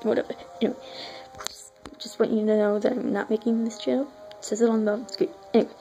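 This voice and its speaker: A woman's voice: fairly high pitch, flat delivery, fast, warm tone, soft background music, poor audio. A woman giving casual, self-deprecating commentary while playing a video game, apologizing often and filming on a phone. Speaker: let's play gamer. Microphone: phone filming a screen.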